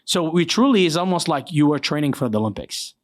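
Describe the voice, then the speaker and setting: A man's voice: a little high, quick pace, no echo, clean studio sound. Iraqi-accented man telling war stories. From Iraq. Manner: animated storyteller, swears freely, acts out quotes. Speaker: interview guest, former soldier. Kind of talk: casual storytelling interview.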